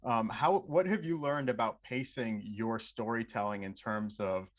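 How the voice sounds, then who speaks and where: A man with an average-pitched voice conducts an interview. He asks long questions in a friendly, measured way.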